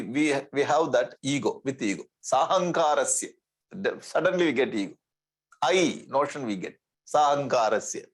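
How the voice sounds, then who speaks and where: A man's voice: a little high, slightly rough, low-quality recording. A man giving a spiritual lecture as a swami, repeating Sanskrit terms and checking in with his listeners. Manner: repeats Sanskrit terms, asks "okay?" often; light humor, chuckles. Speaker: swami teaching scripture.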